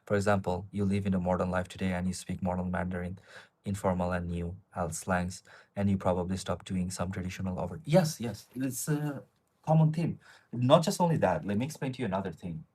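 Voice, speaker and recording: A man's voice: sits low, fairly even intonation, a little fast, darkish tone, breathy edge. A man in his twenties with an Asian accent in English, chatting on a live stream and reading viewers' questions aloud before answering them in a rambling way. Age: 20s.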